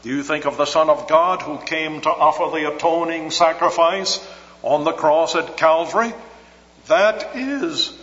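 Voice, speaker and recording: A man delivering an expository sermon, measured and emphatic, slowing down to stress key words. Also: fairly high pitch, fairly bright tone. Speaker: preacher. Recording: long hall reverb, dull lo-fi sound.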